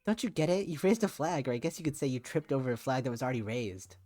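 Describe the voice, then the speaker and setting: A man voicing a sharp-tongued young woman scientist who explains things with exasperated sarcasm. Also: mid-range voice, animated, quick pace, natural voice.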